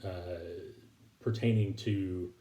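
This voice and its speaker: Low, mellow-voiced man teaching scripture. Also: steady tone. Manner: halting, many fillers and restarts. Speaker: preacher. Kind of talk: recorded online Bible lesson.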